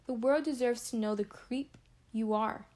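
A woman's voice: fairly high pitch, a little slow, darkish tone, lightly acted. A woman playing a furious young woman confronting the man who hurt her, in a drama rehearsal. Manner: angry, accusing.

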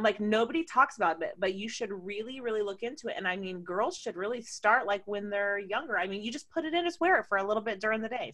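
A woman co-hosting a podcast, talking candidly and playfully and laughing often. She walks her listeners through things step by step in a relaxed, chatty way. Her voice sits at an ordinary middle pitch for a woman. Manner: explains step by step. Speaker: podcast co-host. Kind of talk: casual chat.

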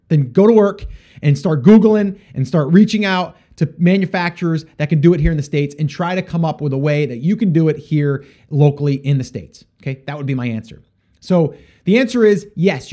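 A man's voice: fairly high pitch, expressive, a little fast, warm tone. A man hosting a podcast, answering listener questions in a casual, rambling way with many fillers and restarts. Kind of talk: casual solo podcast advice.

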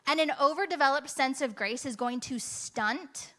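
A woman's voice: high voice, moderate pace, fairly bright tone. A woman preaching a conversational, emphatic sermon to her church, full of rhetorical asides.

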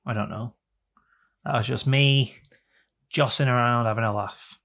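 A man's voice: medium pitch, fairly even intonation, a little slow, vocal fry, fairly bright tone. A young man co-hosting a podcast in a jokey, rambling chat with playful repetition. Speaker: podcast co-host. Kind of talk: casual chat.

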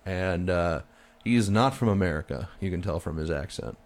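A man co-hosting a comedy podcast, swearing freely and laughing often as he chats. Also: normal speed. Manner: profane, laughs often, swings his pitch animatedly. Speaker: podcast co-host. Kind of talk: casual comedic chat.

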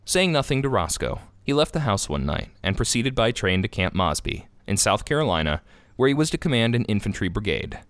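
A man narrating a classic short story as a podcast reader, expressive and measured. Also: lowish voice, dry recording. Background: guitar music.

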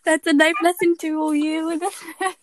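A young woman co-hosting a podcast, teasing her friends in a dry, unhurried way. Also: very high voice, flat delivery. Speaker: podcast co-host. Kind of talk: casual chat.

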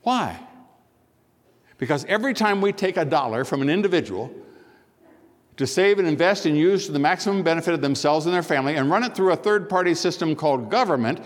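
An older American man giving a public speech, telling anecdotes, acting out dialogue and pausing for emphasis. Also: on the high side, expressive. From United States. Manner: storytelling, acts out dialogue, measured pauses for emphasis. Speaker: speaker. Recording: long hall reverb.

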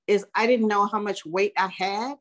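A woman in her sixties talks as a guest in a relaxed interview. She speaks reflectively, often stopping and restarting, in a middle-pitched voice. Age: 60s. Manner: reflective, halting, with many restarts. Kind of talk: casual interview chat.

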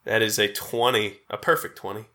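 A man's voice: fairly low pitch, steady tone, brisk, sharp tone. A man playing a tabletop game, playfully describing what his character does. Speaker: player. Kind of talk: casual tabletop play.

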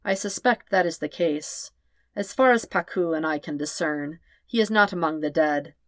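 A woman reading aloud and voicing a gentle, weary old man who speaks quietly and formally. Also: low-pitched, normal speed, no echo, close to an everyday voice. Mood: grave.

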